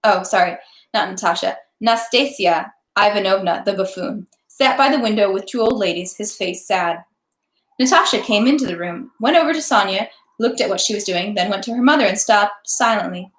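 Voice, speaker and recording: A woman's voice: medium pitch, fairly quick. Woman reading a classic novel aloud. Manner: steady reading with occasional stumbles and self-corrections. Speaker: audiobook reader. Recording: echoey room.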